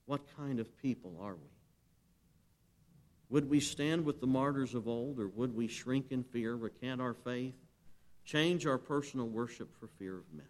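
Brief: male pastor, mid-pitched, forceful sermon delivery, prompts the congregation to reply, reads scripture aloud. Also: measured pace. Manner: emphatic preaching, asks the congregation to answer.

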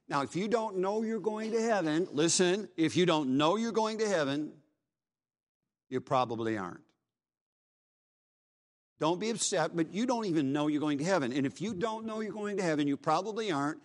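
A middle-aged preacher delivers a revival sermon in a voice pitched a little above the usual for a man. He presses every point with urgency and drives it home through repetition. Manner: fervent, urgent preaching with repeated phrases.

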